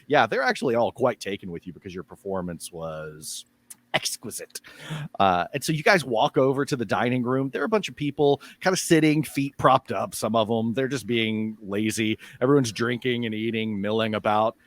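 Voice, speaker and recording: A man's voice: mid-range voice, lively intonation, normal speed. A man narrating a tabletop game as game master, in a loose, chatty way full of fillers.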